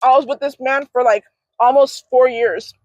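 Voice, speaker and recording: High-voiced young woman gossiping. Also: moderate pace, dry recording, highs cut off. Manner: animated storytelling, acts out quotes. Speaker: co-host. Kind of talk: casual gossip chat. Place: parked car.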